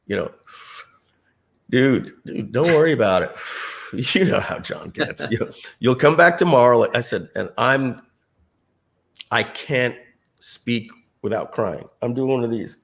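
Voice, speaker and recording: A man's voice: medium pitch, moderate pace, vocal fry. Man telling a story with acted-out quotes. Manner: acts out other people's lines in quoted voices. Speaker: speaker telling a personal story. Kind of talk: animated storytelling to an audience.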